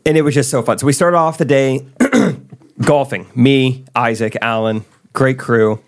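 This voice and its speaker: A man's voice: medium pitch, unhurried. Guy on a podcast telling tour stories, easygoing, mid voice. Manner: storytelling, relaxed, laughs easily. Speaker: comedian and podcast co-host. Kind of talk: casual podcast chat.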